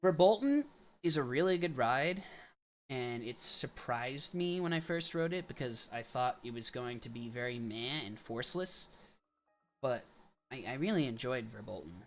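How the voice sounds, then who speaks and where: A young man hosting a casual livestream, chatting and giving quick verdicts with asides and laughs. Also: mid-range voice, animated, faint music behind. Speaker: livestream host. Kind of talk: casual live-stream commentary.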